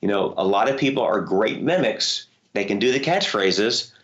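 A man who works as a voice actor, telling lively stories in an interview, his voice leaping high when excited. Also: normal speed, highs cut off. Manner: animated storyteller, voice jumps high when excited. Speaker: voice actor guest. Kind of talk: interview conversation.

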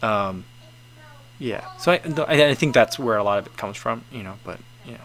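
A man's voice: on the low side, moderate pace, background noise. Hesitant, chuckling American man chatting. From United States. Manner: hesitant, many fillers and restarts, chuckles often. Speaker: livestream host reading viewer comments. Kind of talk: casual chat.

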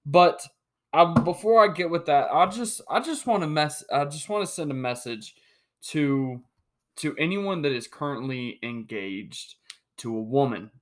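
A young man hosting a solo sports podcast, talking in an animated, joking way with many restarts. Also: fairly high pitch, unhurried. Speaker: podcast host.

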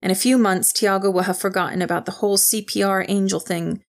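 A woman reading a novel aloud in steady, even storytelling narration. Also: mid-range voice, brisk. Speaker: audiobook narrator. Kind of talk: scripted narration.

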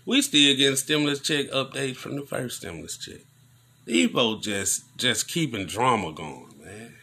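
A man giving casual news commentary on a vlog, preaching in animated rants full of slang. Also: medium pitch, moderate pace, vocal fry, slightly rough.

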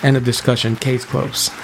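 A man's voice: medium pitch, level tone, unhurried, vocal fry, soft background music. Playful, self-mocking male podcast host. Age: 20s. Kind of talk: casual podcast storytelling.

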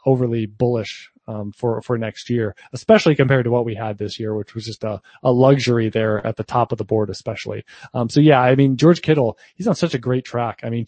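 A man's voice: medium pitch, a little mellow, no echo. A man co-hosting a fantasy football show, chatting casually with lots of fillers and restarts. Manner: talkative, frequent fillers and restarts. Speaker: podcast co-host.

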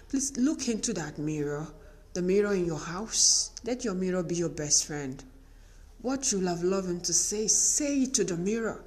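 A middle-aged woman with a Nigerian accent gives a motivational talk to women as a podcast host, telling stories and acting out bits of dialogue. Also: mid-range voice. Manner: animated storytelling, acting out dialogue.

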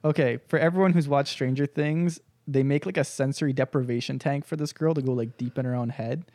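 A man telling stories on a casual podcast, animated and crude, breaking into laughter often. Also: mid-range voice, a little fast, dry recording. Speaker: podcast co-host. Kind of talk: casual storytelling chat.

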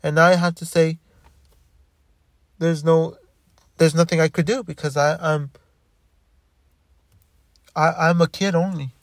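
A young man hosting a solo podcast, talking in a halting, rambling way with many restarts and frequent swearing. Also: fairly high pitch, fairly even intonation, no room sound. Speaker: podcast host.

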